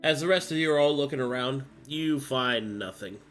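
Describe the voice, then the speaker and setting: A man's voice: mid-range voice, moderate pace, a bit bright, faint music behind. A man running a tabletop role-playing game as game master, joking and playful with the players.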